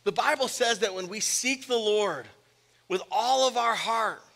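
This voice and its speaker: A man delivers a sermon with a high, bright voice, pushing hard on key lines and dropping low and gentle for stories. The recording carries a long reverb from a large church hall. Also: measured pace. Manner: expressive, swings from loud emphasis to soft storytelling. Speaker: pastor.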